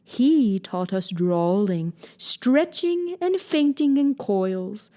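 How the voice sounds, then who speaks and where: A woman voicing the Mock Turtle, a sorrowful sighing male sea creature, with slow drawn-out audiobook delivery. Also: mid-range voice, lively intonation, mellow. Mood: mournful. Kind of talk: audiobook character reading.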